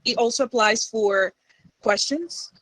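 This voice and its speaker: A woman's voice: a little high, a little slow, a bit bright, no room sound, poor audio. A woman student in an online class, asking a question politely and hesitantly. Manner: polite, hesitant, apologizes and restarts.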